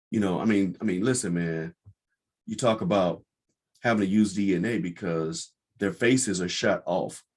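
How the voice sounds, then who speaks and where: A man's voice: sits low, a little mellow, breathy edge. A man hosting his own show, giving an impassioned, blunt and profane commentary monologue. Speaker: podcast host.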